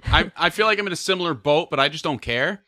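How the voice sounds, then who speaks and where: A man's voice: fairly high pitch, animated, fast talker, pushed and bright, no room sound, clean studio sound. A man hosting a podcast, chatting in a laid-back way and swearing freely. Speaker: podcast host. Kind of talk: casual podcast chat.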